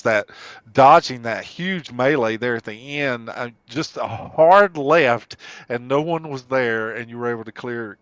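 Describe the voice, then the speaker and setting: A man co-commentating an online race broadcast, warmly and enthusiastically praising the drivers. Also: mid-range voice, smooth, no echo, dull audio.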